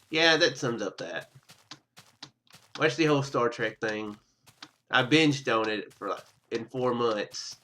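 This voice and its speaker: A man talks casually over a video game in an unhurried, rambling way. His voice is bright and forward, and he stammers and cuts himself off with chuckles. He records through a simple webcam microphone. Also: medium pitch. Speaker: gaming YouTuber. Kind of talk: rambling casual gameplay commentary.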